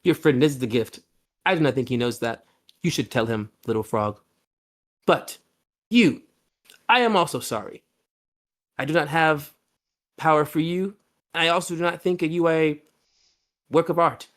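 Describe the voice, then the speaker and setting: A man doing a booming, courtly armored fire lord. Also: fairly bright tone, lightly acted. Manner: formal, courtly, slow deliberate speech. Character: man in living armor, flames for eyes, gentle yet commanding.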